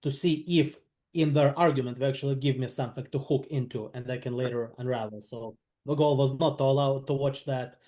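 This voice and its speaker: A man's voice: medium pitch, steady tone, a little fast, warm tone. A man practicing a sales role-play on a video call, thoughtful and a little hesitant. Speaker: sales trainee.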